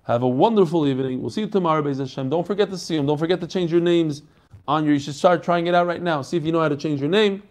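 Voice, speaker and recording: A man teaching a daily Talmud class, explaining quickly and animatedly with Hebrew and Yiddish terms. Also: on the high side, a little mellow.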